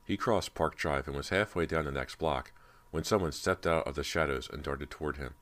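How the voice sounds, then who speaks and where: A man reading a spooky teen novel aloud as an audiobook narrator, in steady, measured storytelling. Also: very deep voice. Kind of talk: scripted narration.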